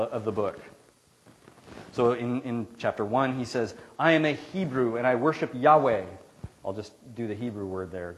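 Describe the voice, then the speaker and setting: A man's voice: medium pitch, a little hiss or hum, poor audio. A man preaching a sermon in a church, in an earnest, conversational way with frequent restarts. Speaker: pastor. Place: church sanctuary.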